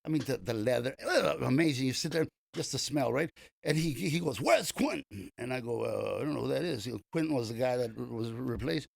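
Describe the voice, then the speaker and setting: A man's voice: medium pitch, expressive, brisk, gravelly, dry recording. An older man, a comedian being interviewed, telling long stories in a casual, rambling way with many restarts. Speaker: comedian guest.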